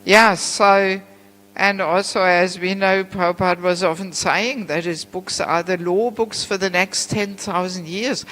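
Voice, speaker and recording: A woman giving a class on scripture at a temple, chatty and warm in tone, often saying "you know" and breaking into laughs. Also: fairly low pitch, fairly even intonation, unhurried, low-quality recording. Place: temple hall.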